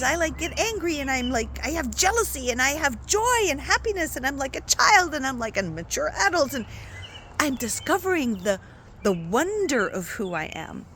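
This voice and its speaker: Woman, spiritual coach, casual talk to viewers, chatty, very animated pitch. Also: a little hiss or hum. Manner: expressive, chatty, often asks "right?".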